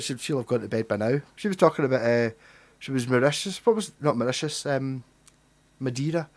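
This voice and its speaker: A young man with a broad Glaswegian accent rambles through a casual livestream chat, swearing freely as he goes. His voice sits a little higher than most men's. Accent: Glaswegian Scottish. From Scotland. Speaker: livestream host.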